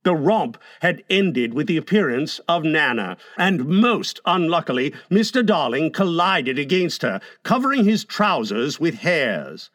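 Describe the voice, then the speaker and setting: Brief: male storyteller, animated, somewhat high voice, dry close read, classic-novel audiobook. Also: measured pace, few pauses, no echo. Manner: expressive, storytelling with lively emphasis. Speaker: narrator.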